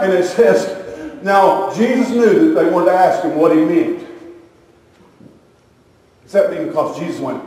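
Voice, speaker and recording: A man with a high voice preaches a sermon, telling lively stories and acting out the voices in them. He sounds distant from the microphone, and his voice rings through a large, echoing hall with a long tail. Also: a little slow, long pauses. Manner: animated storytelling, acting out quoted voices.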